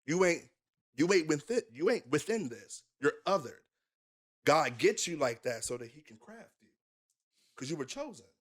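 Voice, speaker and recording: A man's voice: fairly high pitch, big pitch swings, normal speed, pauses often. A young man, a minister, telling his life story candidly in an interview, emphatic and full of rhetorical questions.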